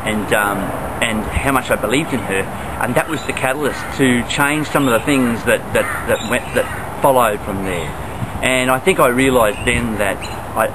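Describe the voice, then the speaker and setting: A man's voice: medium pitch, moderate pace. A man, a school principal giving a testimonial, hesitant with many restarts and fillers. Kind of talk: testimonial interview. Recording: loud background noise.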